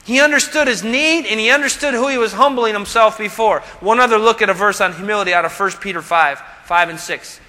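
A man's voice: high voice, fairly quick, few pauses, pushed and bright. A man preaching a sermon as pastor, asking rhetorical questions and dropping humorous asides. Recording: long hall reverb.

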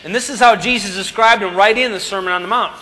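A man delivers a sermon in a high, bright voice. He talks in a conversational way, asking questions and answering them himself. The sound carries a long reverb from a large hall. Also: fast, a little hiss or hum. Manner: conversational preaching with rhetorical questions. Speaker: pastor.

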